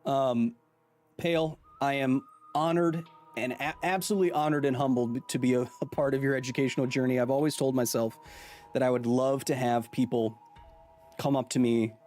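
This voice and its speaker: Here a thirtysomething live-stream host chats and jokes with his audience, playfully reading out what viewers type in the chat. He speaks in a slightly mellow, mid-range voice.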